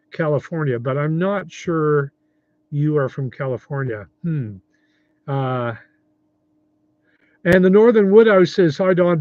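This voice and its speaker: A man's voice: fairly high pitch, no echo, muffled recording. A 70-year-old man hosting a casual livestream, rambling in a friendly way and reading viewer comments aloud. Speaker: livestream host.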